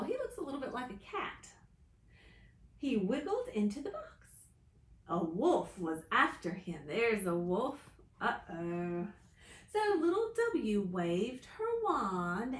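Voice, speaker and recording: A woman teacher reads a picture book aloud to small children in a high, sing-song voice that swoops up and down. She takes it slowly and leans into each story voice, and the room gives the sound a light echo. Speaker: teacher reading to young children. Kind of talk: children's lesson and read-aloud.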